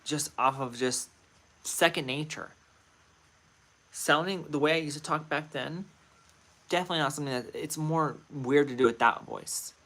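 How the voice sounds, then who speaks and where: A man's voice: a little high, normal speed, pauses often, sharp tone. A man hosting a casual livestream, chatting playfully and addressing viewers directly. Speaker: livestream host.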